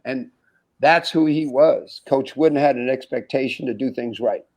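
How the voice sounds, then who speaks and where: A former basketball player from the United States, a man in his sixties, tells anecdotes as a podcast interview guest. His medium-pitched voice moves at a moderate pace as he animatedly acts out dialogue and chuckles often, on a rough recording.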